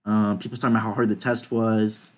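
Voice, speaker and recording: A man's voice: lowish voice, little pitch movement, a little fast. A young man chats casually on a podcast, reading group chat messages aloud. His talk is loose and offhand, with casual swearing mixed in. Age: young adult. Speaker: podcast host.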